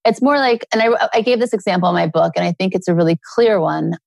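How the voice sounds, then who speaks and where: A middle-aged woman, a guest author, talking earnestly in a relaxed interview and telling personal stories. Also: fairly low pitch, fast talker, vocal fry, dry recording. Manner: earnest, storytelling with acted quotes.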